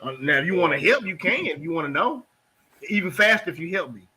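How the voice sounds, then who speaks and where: A man's voice: on the high side, animated, fast talker, pushed and bright. A man hosting a casual panel talk, explaining earnestly and acting out everyday exchanges. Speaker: host.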